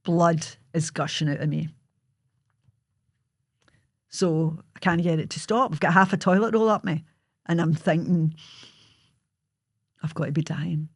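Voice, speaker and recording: A woman's voice: fairly low pitch, steady tone, a little slow, pauses often, no room sound, studio quality. A Scottish woman hosting her own show, telling a personal story in a vivid, blunt way and swearing freely.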